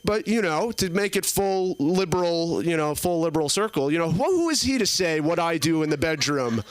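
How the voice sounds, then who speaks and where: A man's voice: a little high, lively intonation, normal speed, hardly any pauses, no room sound. Rambling young man doing stand-up. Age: early 20s. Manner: rambling, filler-heavy storytelling. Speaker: stand-up comedian. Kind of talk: stand-up set. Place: comedy club stage.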